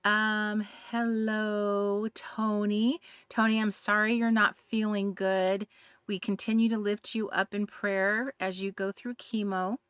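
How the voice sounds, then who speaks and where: A woman's voice: medium pitch, level tone, slow, a bit bright, smooth, no echo, studio quality. A woman hosting a live craft stream, chatting casually and greeting viewers by name, with many fillers. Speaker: craft livestream host. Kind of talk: casual livestream chat.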